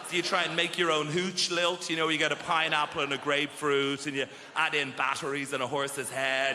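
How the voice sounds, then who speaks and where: A man with an Irish accent doing a wry, animated stand-up comedy set on stage in a large theatre. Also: fairly high pitch, fairly quick, few pauses, noisy background. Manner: wry, animated, shouts in character voices. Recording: roomy live theatre with loud crowd.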